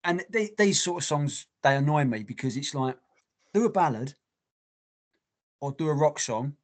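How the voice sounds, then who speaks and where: A man's voice: fairly high pitch, animated, moderate pace. A man co-hosting a podcast in casual chat, blunt and swearing freely. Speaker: podcast co-host.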